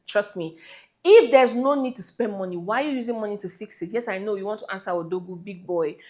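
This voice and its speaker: A woman's voice: mid-range voice, fast, a little mellow. A woman giving relationship advice straight to her viewers in an emphatic, scolding way. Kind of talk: direct-to-camera advice talk.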